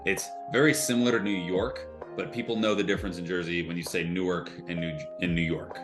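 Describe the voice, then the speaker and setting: A man's voice: sits low, fairly even intonation, quick pace, over music. A man co-hosting a podcast in casual chat, chiming in with side stories and swearing. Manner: chimes in with asides, profane. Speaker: podcast co-host.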